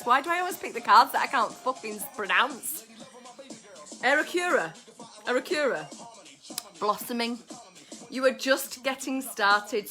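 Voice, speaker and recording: Woman, live-stream host, high voice, exuberant, casual swearing, faint music behind. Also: bright, forceful tone. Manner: exuberant, swears freely, sings along to music. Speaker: astrologer hosting a live stream. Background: music playing.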